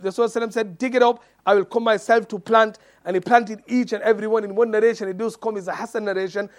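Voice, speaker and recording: High-voiced man telling a sermon story. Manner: animated retelling, acts out quoted dialogue, many fillers. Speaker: Islamic preacher.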